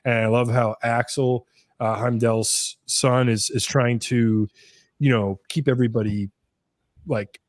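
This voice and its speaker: A man co-hosting a live stream movie discussion, speaking in an easygoing, halting way with restarts. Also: mid-range voice, steady tone, no room sound, studio quality. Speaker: podcast co-host.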